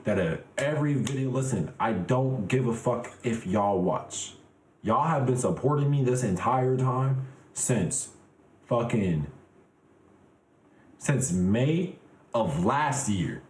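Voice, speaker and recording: A man in his twenties chatting casually and profanely with his livestream viewers, joking in an animated way that drops to low mutters. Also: slow, roomy sound, rough recording. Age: 20s. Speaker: live streamer.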